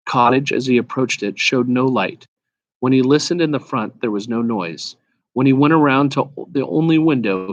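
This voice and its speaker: A man reading a children's novel aloud in a steady way, with occasional slips and restarts. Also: medium pitch, no room sound.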